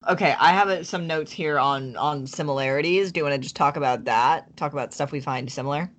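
A woman's voice: deep voice, fairly quick, fairly bright tone. A woman co-hosting a podcast, casually recapping a book in a rambling way with lots of filler words. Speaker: podcast co-host. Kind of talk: casual chat summarizing a book.

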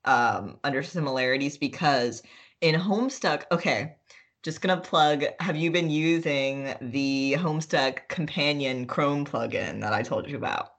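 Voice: mid-range voice, measured pace, a bit bright. A podcast co-host chatting casually, rambling, giggling and trailing off while searching for words. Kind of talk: casual chat.

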